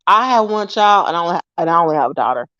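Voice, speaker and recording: A woman's voice: fairly low pitch, rapid-fire, no echo. Woman vlogger chatting about her family, cusses a lot, muffled dry sound. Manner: animated, swears freely, acts out voices. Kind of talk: casual storytelling to viewers.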